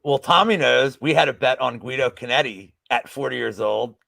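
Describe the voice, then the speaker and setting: Man, gravelly voice, bright and forceful, animated profane storyteller, casual podcast chat. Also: mid-range voice, moderate pace, no room sound. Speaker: co-host of a betting podcast.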